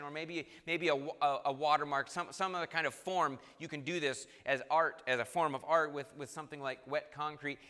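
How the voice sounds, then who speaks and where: A man preaching a sermon, earnest and halting, with repeated restarts, reading scripture aloud. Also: fairly high pitch, bright, forceful tone. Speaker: pastor. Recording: long reverb of a hall.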